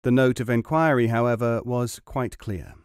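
A male audiobook narrator with a measured, even delivery. His mid-pitched voice is recorded close and dry, with no room sound. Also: clear, resonant tone, no room sound.

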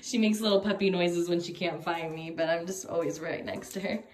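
A woman's voice: fairly quick, no echo. A young woman vlogging casually, gushing to her viewers and her new puppy, sometimes in a cooing puppy voice. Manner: switches to a high puppy voice. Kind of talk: casual vlog chat.

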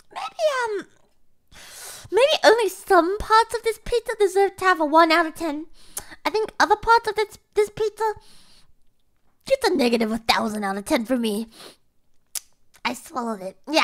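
Young woman streamer, high and very animated voice, theatrical swearing, groans into squeals. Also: moderate pace, pauses often. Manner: dramatic, profane, swings between groans and shrieks. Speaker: VTuber streamer. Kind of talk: food challenge commentary to viewers.

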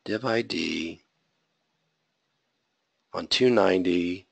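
A man leads a live coding lecture at an unhurried pace, his voice gravelly with fry. He walks through each step of the code and keeps checking in with "okay?". The sound is dry and close. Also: low-pitched, no room sound. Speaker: web design instructor. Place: classroom.

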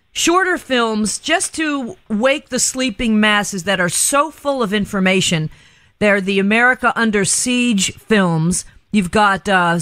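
Chatty talk-radio hostess, bright crisp tone, dry studio sound, prone to giggles and rambling. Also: female voice, mid-range voice, no room sound. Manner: chatty, laughs easily, rambling. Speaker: radio talk show host. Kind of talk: casual radio banter.

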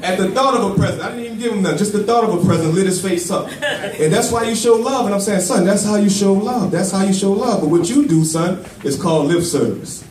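A man's voice: high voice, fast talker, darkish tone. A man preaching a sermon to a congregation, telling a story and drawing call-and-response. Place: church with congregation. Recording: echoey church from far off with congregation.

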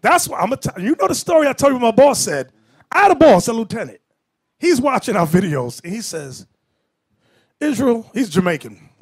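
High, lively preaching man. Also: brisk, husky. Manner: preachy, shouts for emphasis, quotes others. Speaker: bishop preaching. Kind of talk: animated sermon with storytelling.

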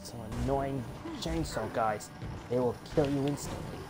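Swearing frustrated male gamer, slow. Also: mid-range voice, over loud music. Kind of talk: let's play commentary.

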